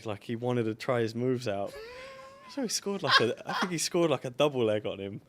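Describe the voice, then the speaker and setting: Man from England, fighter guest, rapid rambling story, laughs at himself. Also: mid-range voice, big pitch swings, very noisy. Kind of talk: storytelling in a podcast interview.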